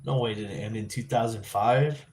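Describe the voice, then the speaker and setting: A man hosting a live vlog stream, chatting casually and thinking out loud with lots of restarts and self-corrections. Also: on the low side, moderate pace, slight background noise. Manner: rambling, thinking aloud with frequent restarts. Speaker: livestream vlog host.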